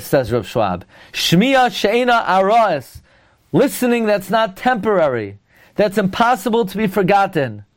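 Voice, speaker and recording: High-voiced man giving an emphatic Torah lecture. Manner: emphatic, animated, rhetorical questions to listeners; mixes Hebrew and Yiddish terms into English. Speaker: rabbi teaching Torah.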